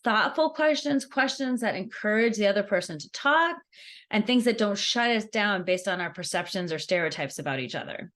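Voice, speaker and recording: A woman giving a networking skills workshop, talking in an animated, conversational way and laughing easily as she acts out examples. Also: medium pitch, moderate pace. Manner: laughs easily while explaining. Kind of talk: workshop presentation.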